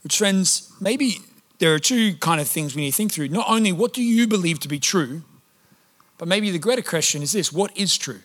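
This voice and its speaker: A pastor preaching a sermon in a chatty, humorous way, with lively storytelling. His voice sits high and sounds bright. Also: moderate pace. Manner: conversational and humorous, animated storytelling.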